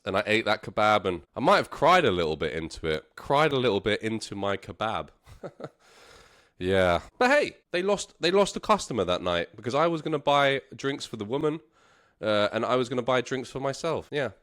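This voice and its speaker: A man tells a story for learners, repeating phrases slowly and playfully. His pitch swings widely from high to low, and he sounds animated throughout. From London. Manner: slow, repetitive, playful and animated with laughs. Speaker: English teacher.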